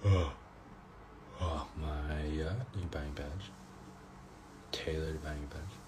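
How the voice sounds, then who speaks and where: Low-voiced tired man chatting on livestream. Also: fairly even intonation, drawn-out words, background noise. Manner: reads out fan comments and thanks viewers. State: tired, yawning. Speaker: livestream host. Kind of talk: casual livestream chat.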